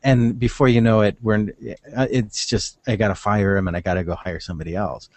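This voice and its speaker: A man's voice: lowish voice, steady tone, brisk, darkish tone, no room sound. A man, a podcast guest, giving casual business advice in a rambling, think-aloud way with many restarts.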